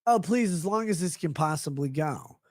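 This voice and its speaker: A man with a gravelly, husky voice, rambling sarcastically and crudely in a played stream clip. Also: on the high side, expressive, normal speed, no room sound, studio quality.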